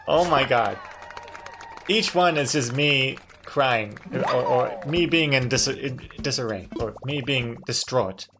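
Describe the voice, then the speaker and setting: A man's voice: medium pitch, takes it slowly, long pauses, noisy background. A male streamer giving chatty live-stream commentary on a drawing game, reacting with frequent laughs.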